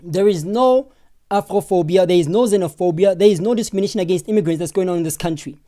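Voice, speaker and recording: A young woman with a South African accent talks through a live stream in heated commentary, leaning hard on rhetorical questions and repeated points. Her tone is warm and mellow. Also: fairly low pitch, fast talker, faint music behind. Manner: emphatic, rhetorical, animated. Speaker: livestream host.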